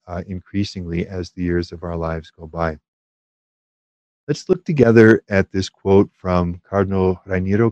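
Low-voiced man teaching on prayer. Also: mellow, no echo, lo-fi sound. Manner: measured, thoughtful, with frequent hesitations. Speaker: Catholic spiritual teacher.

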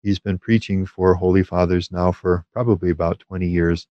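A man giving a measured, thoughtful teaching talk on prayer, pausing often with hesitations. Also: deep voice, steady tone, no room sound, dull audio. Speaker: Catholic spiritual teacher.

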